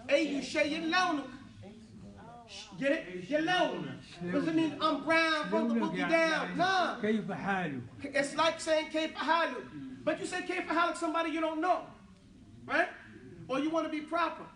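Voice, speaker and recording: Rich: A playful man leads an Arabic class, cracking jokes as he drills phrases with the students. His voice sits high, and the room answers with a roomy echo. He is heard from some distance. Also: lively intonation, a little slow, a crowd in the background. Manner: playful, joking, switching between English and Arabic. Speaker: Arabic teacher. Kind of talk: lively classroom teaching.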